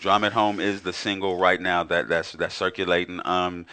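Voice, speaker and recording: A man's voice: low-pitched, level tone, normal speed, sharp tone, smooth. A man in his forties, a guest musician talking in a reflective, emphatic way and often restarting his words. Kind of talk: casual conversation.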